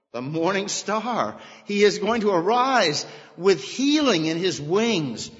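A man preaching an expository sermon, emphatic, repeating key phrases and lifting his voice on quoted scripture. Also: a little high. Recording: dull sound with long hall reverb.

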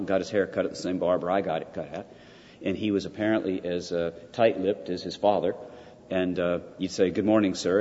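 In a fairly low, darkish voice, an older man lectures on theology, driving his points home through repetition and rhetorical questions. The lo-fi recording sounds dull, with a long reverb trailing him as in a large hall.

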